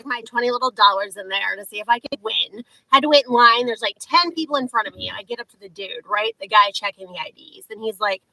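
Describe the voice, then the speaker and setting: A woman's voice: a little high, pushed and bright, no room sound, low-quality recording. A woman telling a sarcastic comic story, drawing out her mocking lines. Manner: sarcastic, drawn-out mocking delivery. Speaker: comic storyteller in a played clip.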